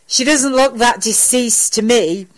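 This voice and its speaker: A woman's voice: fairly high pitch, a little slow, pitched above the performer's own voice, close to an everyday voice. A woman voicing a lecherous, womanizing male admiral in a fan audio story, with a sly drawl. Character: leering womanizing middle-aged male hologram admiral.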